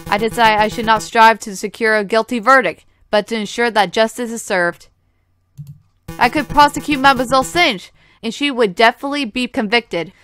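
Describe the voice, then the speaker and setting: A woman's voice: a little high, fairly bright tone, close to an everyday voice. A woman reading an earnest, reflective male rooster prosecutor explaining himself in a game.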